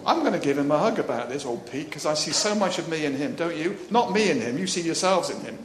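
Male preacher, lively jokey sermon, fairly high voice, roomy hall sound. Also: fast talker, background noise. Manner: jokey, chatty, laughs while preaching, acts out voices. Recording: echoey room with faint ambience.

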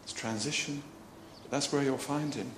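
Jokey preacher in an echoey hall. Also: male voice, mid-range voice, normal speed, background noise. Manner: jokey, chatty, laughs while preaching, acts out voices. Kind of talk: lively sermon. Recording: echoey room with faint ambience.

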